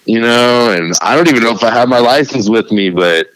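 A man's voice: mid-range voice, brisk, fairly bright tone, rough recording. A man hosting a podcast in a loose, rambling, profane way, trading stories in casual chat. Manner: laid-back, profane, rambling.

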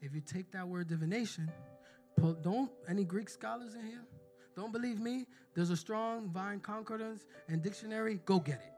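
Brief: male preacher, very high bright voice, emphatic sermon delivery, faint music underneath. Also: moderate pace. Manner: emphatic, calls out to the congregation.

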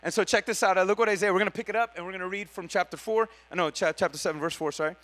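A man's voice: high voice, rapid-fire, fairly bright tone. A man preaching a casual Bible teaching in a slangy, conversational way, correcting himself as he goes.

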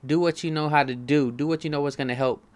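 A man's voice: a little high, steady tone, fast talker. A young man hosting his podcast alone, talking casually, swearing freely and often checking in with listeners. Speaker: podcast host. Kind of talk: solo casual podcast monologue.

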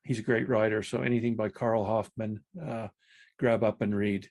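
A man in his sixties with a gravelly, creaky voice introduces himself to a panel over a video call. He talks in a relaxed, unhurried way. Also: on the low side. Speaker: panel guest. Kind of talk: casual self-introduction.

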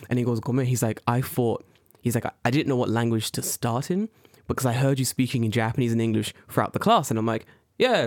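A young man from the UK tells stories on a casual podcast at a middling pitch. His delivery is animated and slangy, with a lot of swearing, and he leaps up in pitch whenever he acts out the people he quotes. The recording is dry and close, with no room sound. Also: dry recording. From United Kingdom. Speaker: podcast co-host. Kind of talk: casual chat.

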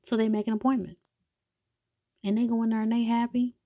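A woman casually retelling a story with comedy, slangy and animated, with many asides. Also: fairly high pitch, a little fast, no echo, narrow, tinny audio. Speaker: show recapper.

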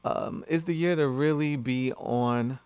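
A man in a casual studio chat, relaxed and blunt, pausing with fillers as he talks. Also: medium pitch, smooth, no room sound.

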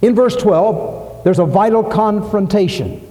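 A male pastor preaching with an emphatic, rousing delivery that stacks repeated phrases. His voice sits a little high yet sounds mellow and relaxed. The church hall gives it a long, ringing reverb. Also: measured pace. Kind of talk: sermon.

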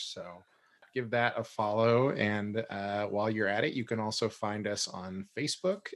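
A man's voice: on the low side, a bit bright. A man co-hosting a casual podcast, reading upbeat promos to listeners. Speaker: podcast co-host.

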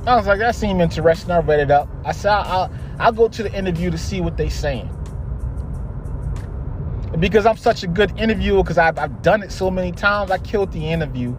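A man's voice: high voice, brisk, soft background music. A young man hosting a podcast, telling a story about his job in a blunt, exasperated way with lots of swearing. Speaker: podcast host. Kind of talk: casual storytelling monologue.

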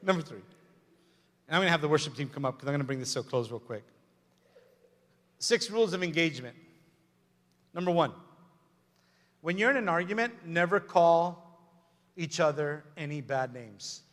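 A man's voice: a little high, expressive, moderate pace, pauses often, a bit bright. A man preaching a sermon as pastor, emphatic and repetitive, with joking asides. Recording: long hall reverb with faint music.

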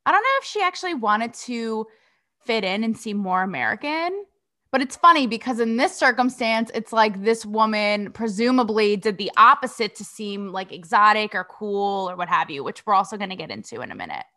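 A woman's voice: mid-range voice, expressive, normal speed, bright, forceful tone. A young adult woman from Connecticut hosting a podcast, delivering blunt, sassy commentary full of swearing and rhetorical questions. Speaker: podcast host. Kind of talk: casual commentary monologue.

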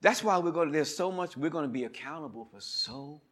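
Man, pastor, sermon, high lively voice, swings from shouts to murmurs, bright tone. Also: brisk. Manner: animated preaching, swings from loud shouts to murmurs; leads the congregation in call-and-response.

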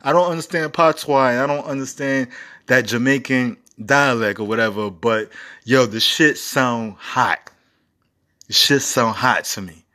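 A man's voice: mid-range voice, unhurried, bright, forceful tone. A man in his forties hosting a casual music review show, rambling and profane with enthusiastic asides. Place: home recording setup.

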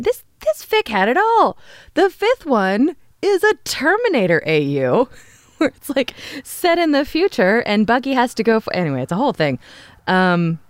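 Low-voiced, gushing woman podcast host. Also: clean tone, no room sound, clean studio sound. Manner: gushing, rambling, laughs often. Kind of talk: casual podcast monologue.

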